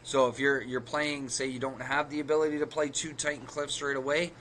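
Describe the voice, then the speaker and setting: A man's voice: medium pitch, little pitch movement, brisk, a bit bright, slight background noise. A man co-hosting a card game podcast, walking through the math of card plays step by step and correcting himself as he goes. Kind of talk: casual explanatory chat.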